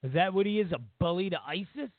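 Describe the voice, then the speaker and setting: A man's voice: high-pitched, quick pace, no room sound. A man hosting a talk radio show, ranting and mocking in a repetitive way. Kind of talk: talk radio political commentary. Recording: tinny phone line, dry.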